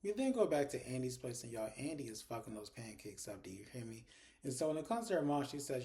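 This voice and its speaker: A man in a casual review, talking quickly in a warm, mellow voice. He retells each scene in a chatty way, slips in the characters' lines and swears freely. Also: medium pitch, sing-song. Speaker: TV episode reviewer. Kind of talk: casual recap commentary.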